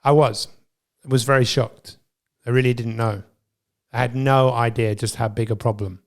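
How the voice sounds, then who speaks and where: A man's voice: mid-range voice, fairly even intonation, normal speed. A man hosting a podcast interview, asking questions in an encouraging way. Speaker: podcast host. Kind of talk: casual interview chat.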